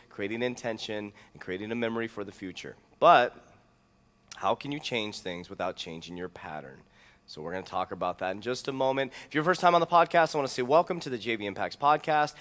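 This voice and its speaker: A man hosting his own motivational podcast as a health and mindset coach, talking with big swings of pitch and loudness and repeating key lines for emphasis. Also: animated, fast talker, in a large hall. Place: indoor room with a whiteboard.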